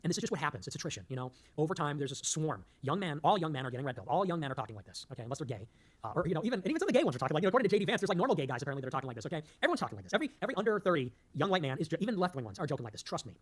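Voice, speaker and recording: A man's voice: a little high, very animated, racing. A man hosting a political show, delivering a rambling, emphatic monologue that loses its thread and cracks jokes along the way. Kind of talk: fast-talking political monologue.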